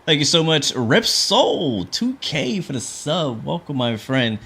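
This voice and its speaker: A man's voice: fairly high pitch, very animated, measured pace, a bit bright, breathy edge. A man streaming a flight simulator, talking through each step in a chatty, casual way and answering viewers' chat questions. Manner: frequent fillers and restarts. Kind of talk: casual livestream commentary.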